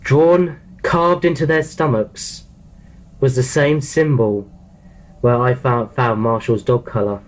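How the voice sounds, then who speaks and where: A man's voice: medium pitch, fairly even intonation, takes it slowly, low-quality recording. A man narrating a horror story in the first person, reading plainly with frequent restarts and repeated words.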